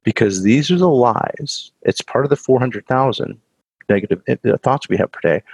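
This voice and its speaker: A man's voice: mid-range voice, lively intonation, normal speed, gravelly, darkish tone, slightly rough, no room sound, low-quality recording. A man giving an earnest motivational talk to an audience he calls guys, repeating phrases for emphasis. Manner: earnest, repetitive, addresses listeners as guys.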